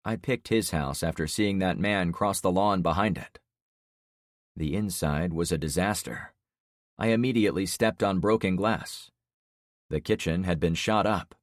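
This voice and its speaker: A man reading a thriller audiobook in scripted first-person narration, tense and measured. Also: sits low, no room sound, studio quality.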